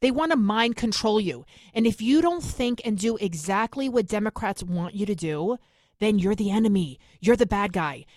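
A New York City woman with a New York accent hosts an opinionated political monologue, indignant and emphatic with rapid asides. Her medium-pitched, darkish voice has lively intonation, recorded dry with clean studio sound.

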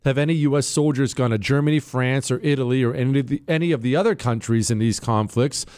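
A man's voice: quick pace, smooth. A man hosting a talk radio show, chatting casually and reading listener emails, his voice jumping up when he sounds incredulous. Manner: animated, swings high when incredulous.

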